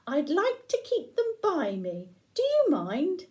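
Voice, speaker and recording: A woman voicing a kind elderly grandmother in a storybook, gently pleased. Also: extremely high pitch, huge pitch swings, slow pace, voice pushed up, heavily acted. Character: kind old grandmother recovering at home.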